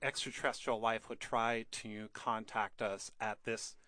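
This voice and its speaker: A man on a radio music show, explaining a new album in a relaxed, wry, conversational way. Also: on the low side, a little slow, no room sound. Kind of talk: casual radio music chat.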